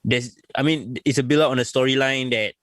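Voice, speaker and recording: A young adult man co-hosting a wrestling podcast, chatting casually and excitedly, laughing often and saying "bro" and "like". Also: medium pitch, a little fast, no room sound. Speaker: podcast co-host.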